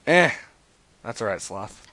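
A man's voice: fairly low pitch, sing-song, takes it slowly, very noisy. A man hosting a stream of prank phone calls, talking in a crude, joking way and trailing off into mumbles. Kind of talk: casual rambling chat with prank calls.

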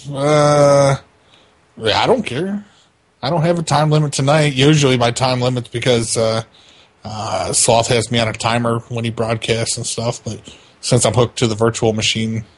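A man casually telling a profane, animated story about a bug to his co-hosts. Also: mid-range voice, normal speed. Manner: swears constantly, animated storytelling. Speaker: co-host of a prank call show.

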